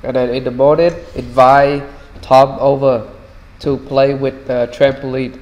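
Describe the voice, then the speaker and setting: A man with a Vietnamese accent explaining a storybook in halting, simple English full of fillers. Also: mid-range voice, little pitch movement, a little mellow, big-room sound, dull audio. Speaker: English teacher.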